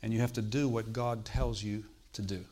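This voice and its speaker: This preacher's voice is lowish and darkish, with a steady tone at normal speed. He tells his personal testimony in a conversational sermon, repeatedly checking in with the congregation by asking "Okay?"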